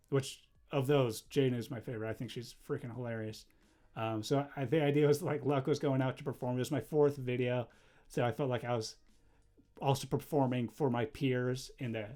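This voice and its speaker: A young man chatting casually on a livestream while he draws, rambling and easily distracted, laughing often and bursting into loud excited exclamations. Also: mid-range voice. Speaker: livestreaming animator.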